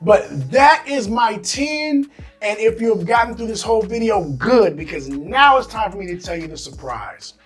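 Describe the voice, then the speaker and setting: A man's voice: sits high, normal speed, faint music behind. An American man hosting his own vlog, talking casually and animatedly to camera in slangy speech. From United States. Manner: animated, slangy, acts out quoted voices. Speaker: expat vlogger host.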